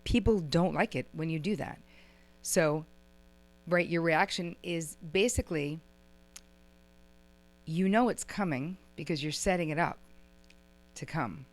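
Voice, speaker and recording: A middle-aged woman giving a relationship workshop lecture to a live audience, chatty and lively, acting out little quoted exchanges as she explains. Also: low voice, unhurried, long pauses. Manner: chatty, uses "like" and "right?" often. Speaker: relationship teacher.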